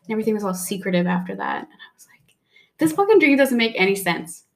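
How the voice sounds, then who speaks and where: A young woman talking in a loose, relaxed chat, with a medium-pitched voice. She swears casually and slips into quoted voices as she tells her stories. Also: fast talker. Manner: casual, swears freely, acts out quotes in storytelling. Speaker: podcast co-host.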